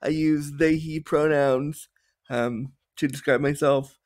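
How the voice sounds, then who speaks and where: Earnest man in his thirties, slightly high. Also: fairly even intonation, darkish tone. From Canada. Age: 30s. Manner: earnest, halting with restarts and fillers. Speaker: guest, disability consultant. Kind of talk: casual interview answers.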